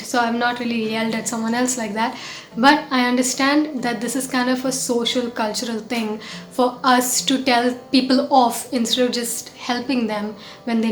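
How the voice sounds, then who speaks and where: A woman hosting a storytelling talk as a mindfulness coach, earnest and conversational with frequent restarts. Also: on the high side. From India. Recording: roomy echo, faint music.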